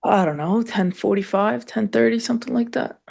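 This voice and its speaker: A woman's voice: a little high, normal speed, gravelly, darkish tone. A woman co-hosting a live trading show, chatting casually with dry sarcastic asides. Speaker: co-host.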